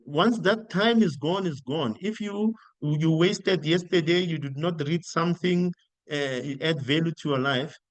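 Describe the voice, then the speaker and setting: A middle-aged man from South Africa giving informal career coaching, animated and acting out the dialogue he quotes. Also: sits high, no room sound. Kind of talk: informal spoken coaching talk.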